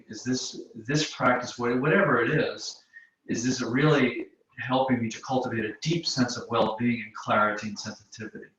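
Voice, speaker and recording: A man teaching a yoga class, talking slowly and thoughtfully and pausing often to restart his sentences. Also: mid-range voice, a bit bright. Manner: slow, searching, hesitant with many restarts. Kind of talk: reflective spoken teaching. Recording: roomy, distant, dull sound with faint noise.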